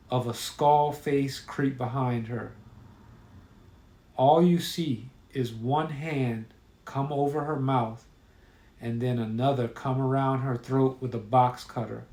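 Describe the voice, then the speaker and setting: Man, horror story reading, slow and measured, grim, echoey room. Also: medium pitch, darkish tone. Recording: roomy echo.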